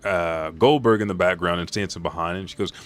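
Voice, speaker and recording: A man recapping a manga chapter, excitable and loose, with frequent swearing. His voice sits low and deep. He talks quickly and casually as he runs through the events. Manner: profane, excitable retelling.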